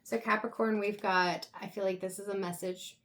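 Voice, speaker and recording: Woman tarot reader, mid pitch, soft and halting, emotional. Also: fairly even intonation. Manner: soft, reflective, halting with pauses. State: emotional, close to tears. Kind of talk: intuitive tarot reading.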